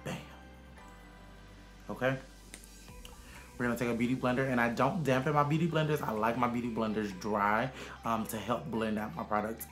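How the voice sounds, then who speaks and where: A man, a makeup artist giving a sassy, chatty casual makeup tutorial. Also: mid-range voice. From Arkansas, USA. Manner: sassy and chatty, calls viewers honey and child.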